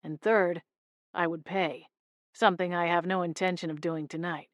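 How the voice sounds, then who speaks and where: A woman voicing a smooth, teasing adult man in an audiobook, with a calm, dry, low-key delivery. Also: moderate pace, no echo, close to an everyday voice. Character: smooth, teasing adult male monster hunter. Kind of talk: audiobook character voice.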